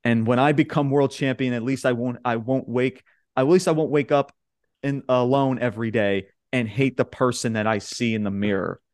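A young podcast host from Long Island, New York, casually recaps wrestling promos, acting out the wrestlers' quotes with laughs. His medium-pitched voice keeps a moderate pace, and the sound is clean studio audio with no room sound.

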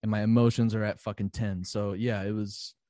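A man's voice: on the low side, brisk, no room sound, studio quality. A man in casual podcast chat, telling a story with lots of swearing and acting out his own panicked reactions. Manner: profane, excitable, acts out his own reactions.

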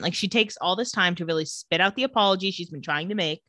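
A woman co-hosting a casual chat, retelling scenes and quoting characters in quick voices. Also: mid-range voice, a bit bright, no echo. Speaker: podcast co-host recapping a TV episode.

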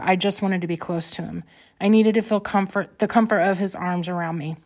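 A woman reading her own first-person memoir aloud in an earnest, unhurried, emotional way. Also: on the low side, darkish tone.

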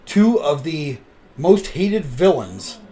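A man hosting a podcast, chatting casually and telling stories with animated delivery. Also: on the high side, takes it slowly. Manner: animated storyteller. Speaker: podcast host. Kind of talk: casual chat.

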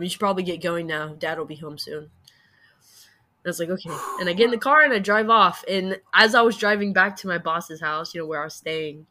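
A woman's voice: fairly low pitch, sharp tone. A woman in her twenties, a podcast guest, telling a personal story in a frank, casual way and swearing freely.

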